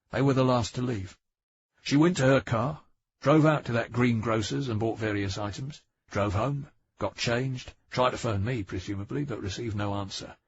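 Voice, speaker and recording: A man voicing a patient, methodical male police detective who spells things out deliberately and emphatically. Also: mid-range voice, husky. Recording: dry, dull audiobook recording.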